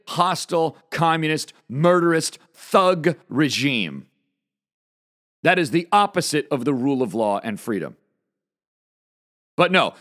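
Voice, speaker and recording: Fired-up man with a lively voice. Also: fairly high pitch. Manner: emphatic and indignant, punching single words; says he is talking fast and fired up. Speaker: political commentary host. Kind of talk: opinion monologue reading news aloud.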